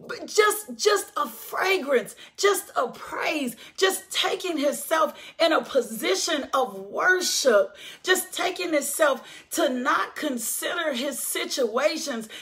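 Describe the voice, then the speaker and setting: A middle-aged woman, hosting and giving an emotional faith testimony, repeating phrases and building up to shouts. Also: high-pitched. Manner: preachy, repetitive, building to shouts. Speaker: podcast host.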